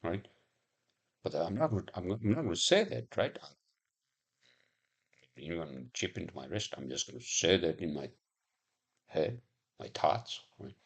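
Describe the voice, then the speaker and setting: A man's voice: low voice, animated, normal speed, creaky, long pauses, breathy edge. A man rambling in a casual monologue, swearing often and musing aloud with lots of fillers.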